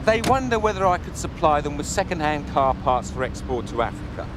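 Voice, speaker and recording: A man's voice: a little high, very animated, brisk, noisy background. An actor playing a scornful, indignant male car dealer in a 1990 TV police drama. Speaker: garage owner.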